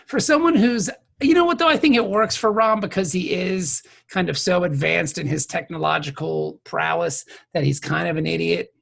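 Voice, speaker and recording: A man's voice: high-pitched, normal speed, vocal fry, hardly any pauses, fairly bright tone. A man co-hosting a podcast in casual chat, joking as he recaps the episode. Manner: joking, recaps plot with acted quotes. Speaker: podcast co-host.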